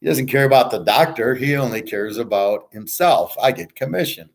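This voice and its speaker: A man's voice: medium pitch, expressive, moderate pace, creaky. A middle-aged man ranting casually as a sports-picks host, blunt, boastful and profane, rambling from one point to the next. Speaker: sports betting tipster and host.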